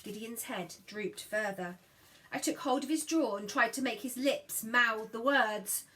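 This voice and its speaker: A woman reading a children's novel aloud in scripted narration, giving the dialogue lively voices. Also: a little high, unhurried, poor audio. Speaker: audiobook reader.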